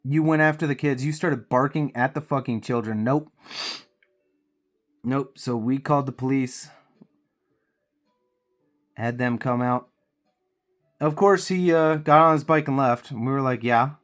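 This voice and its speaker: A man's voice: mid-range voice, measured pace, pauses often, soft background music. A man with a cold, venting heatedly and profanely while he paints miniatures on his channel. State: congested with a cold.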